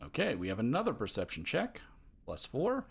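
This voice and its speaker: A man's voice: mid-range voice, huge pitch swings, moderate pace, creaky, slightly rough. A man casually commenting as he plays a game, reading dialogue choices aloud in an amused, chatty way. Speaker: gamer playing and commenting.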